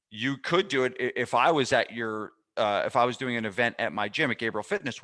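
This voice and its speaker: Bright-voiced man hosting a podcast. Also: on the low side. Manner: animated storytelling with frequent restarts. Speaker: podcast host and fitness business mentor. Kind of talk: casual podcast chat.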